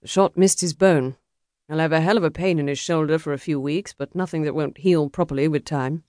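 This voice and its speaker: A woman voicing a brisk, matter-of-fact gentleman acting as a duel second. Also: deep voice, steady tone, no echo, clean studio sound, natural voice. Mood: approving.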